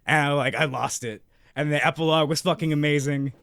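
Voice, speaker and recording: A man co-hosting a podcast, telling a long, excitable story in casual chat with constant swearing and restarts. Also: on the high side, fast talker, gravelly, no echo, clean studio sound. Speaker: podcast co-host.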